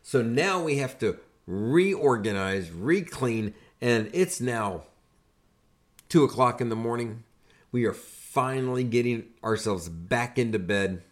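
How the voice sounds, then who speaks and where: Older guy telling army stories on his podcast, animated, builds to punchlines. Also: medium pitch, takes it slowly. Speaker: podcast host and army veteran. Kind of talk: casual storytelling.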